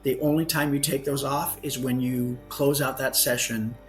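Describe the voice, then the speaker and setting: A man's voice: medium pitch, steady tone, normal speed, soft background music. A man, a guest author on a podcast, telling a story earnestly and often correcting himself mid-sentence. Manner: earnest anecdote telling with frequent self-corrections.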